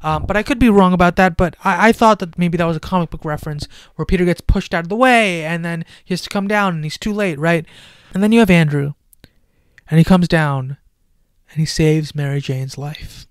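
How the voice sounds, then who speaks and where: Male reviewer, slightly high, animated, surges loud then goes hushed, dry room, headset mic. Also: brisk, smooth, dry recording. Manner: animated, swings between loud excitement and hushed near-whispers. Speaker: film reviewer. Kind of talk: excited casual film review.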